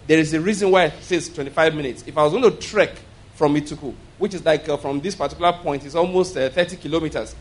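A man preaching a sermon, pausing to check that listeners follow and slowing down to stress key points. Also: on the high side. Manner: emphatic teaching, frequent "you understand?" and "all right?" checks; slows and gets louder for emphasis.

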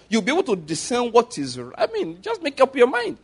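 A male preacher, animated and full of storytelling as he acts out scenes. His voice sits high for a man and leaps up and down. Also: fairly quick, breathy edge. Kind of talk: sermon.

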